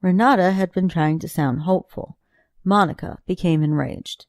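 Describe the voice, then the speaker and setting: A woman narrating a novel chapter in a steady, even storytelling delivery. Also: fairly low pitch, normal speed, no echo, clean studio sound. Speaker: audiobook narrator. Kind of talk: audiobook reading.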